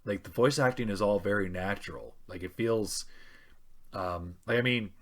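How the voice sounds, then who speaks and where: Man, low voice, casual podcast co-host, halting delivery with fillers. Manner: hesitant, many ums and restarts.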